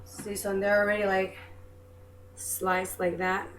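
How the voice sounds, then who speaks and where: A woman's voice: mid-range voice, flat delivery, slow. A young woman chatting casually as she preps food in her home kitchen, self-deprecating and apologetic as she goes. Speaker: home cook vlogger. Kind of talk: casual cooking demonstration. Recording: echoey kitchen with background noise.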